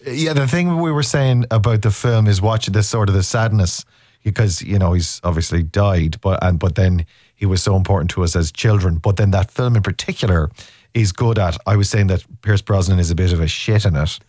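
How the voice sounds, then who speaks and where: A man hosts a casual chat, his voice sitting low. He rambles and restarts his sentences a lot, and the sound is close and dry, with no room around it. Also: darkish tone, no echo. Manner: rambling, halting, many restarts. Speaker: interviewer.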